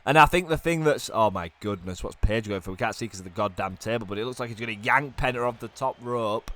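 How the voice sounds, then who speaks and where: Sick and coughing, a man gives quick, excited play-by-play on a wrestling video game, sinking into low mutters before erupting into shouts.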